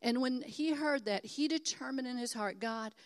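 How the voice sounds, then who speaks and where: A woman's voice: high voice, normal speed. An older woman from Texas preaching a sermon in an earnest, encouraging and emphatic way. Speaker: pastor.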